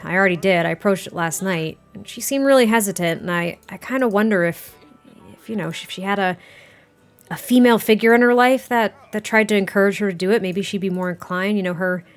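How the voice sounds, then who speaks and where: A woman's voice: mid-range voice, fairly quick, faint music behind, close to an everyday voice. A woman voicing a friendly male rancher neighbor who talks politely and hesitantly, with small restarts. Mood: earnest.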